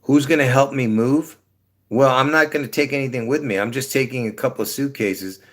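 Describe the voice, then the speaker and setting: A man's voice: medium pitch, brisk. A man rambling casually to his viewers on a livestream from his apartment, trailing off with many fillers. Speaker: livestream host.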